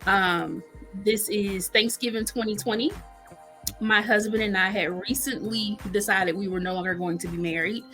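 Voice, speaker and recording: A woman guest chef telling her story in a casual interview, lively and acting out what people said. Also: medium pitch, normal speed, faint music behind. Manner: animated, acts out quoted dialogue.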